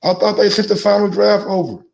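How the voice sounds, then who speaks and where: Excitable man hosting a call-in sports show. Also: high-pitched, a little fast, vocal fry. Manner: loose, excitable, repeats words, laughs often. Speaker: host. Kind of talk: casual sports call-in talk.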